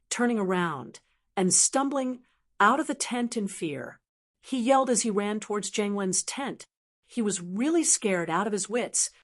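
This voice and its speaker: A woman narrating a web novel audiobook with a steady, even reading. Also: mid-range voice.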